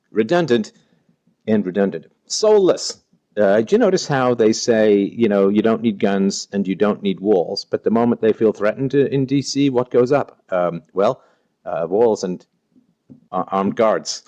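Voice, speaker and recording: Mellow-voiced man hosting a live stream. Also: mid-range voice. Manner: playful, jokey, reads out chat names. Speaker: livestream host. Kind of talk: casual live-stream chat, greeting viewers.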